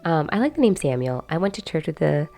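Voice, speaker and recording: Young woman rambling to camera, deep-ish voice w some vocal fry, faint music under. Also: very animated, quick pace, mellow. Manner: rambling and chatty, many fillers and asides. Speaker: video host. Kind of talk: casual chat to camera.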